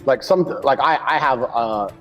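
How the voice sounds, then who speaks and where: A man's voice: medium pitch, measured pace, a bit bright, highs cut off, faint music behind. A man talking bluntly and crudely, hammering his points by repeating them. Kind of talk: casual talk.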